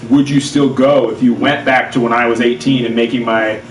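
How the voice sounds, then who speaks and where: A young man co-hosting a podcast in casual chat, telling stories in an animated way. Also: mid-range voice, fairly quick. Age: young adult. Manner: animated storyteller, loud acted quotes. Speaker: podcast co-host. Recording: roomy live stream, mic at a distance.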